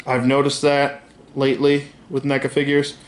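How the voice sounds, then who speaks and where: A man's voice: medium pitch, completely flat delivery, normal speed. Man griping through a casual toy review. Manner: candid, griping, swears freely; rambling with many fillers and self-corrections. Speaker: action figure reviewer.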